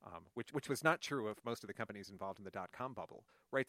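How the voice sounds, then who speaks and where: A man interviewing a guest, measured as he lays out the opposing case before his question. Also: low-pitched, bright, forceful tone, no room sound. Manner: measured, summarizing the other side's case before asking.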